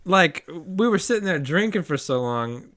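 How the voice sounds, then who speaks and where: Young man telling a lively story. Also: on the high side, normal speed. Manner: animated storyteller who acts out quoted lines; swears freely. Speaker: podcast co-host. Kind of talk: casual podcast chat.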